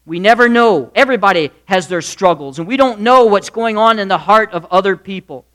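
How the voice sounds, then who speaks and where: A man preaching a sermon, acting out characters in quick asides and swinging from loud to soft. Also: high-pitched. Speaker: pastor.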